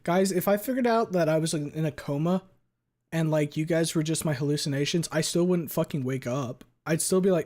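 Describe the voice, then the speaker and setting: A man's voice: on the high side, fairly quick, darkish tone. Rambling, foul-mouthed male streamer. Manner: rambling, crude, heavy swearing, talks back to chat. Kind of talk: casual live-stream chat.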